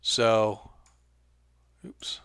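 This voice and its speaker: A man's voice: very slow, fairly bright tone, dry recording. A man acting as game master, chatting loosely and trailing off mid-sentence while he sets up maps for an online game. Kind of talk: casual pre-game chat.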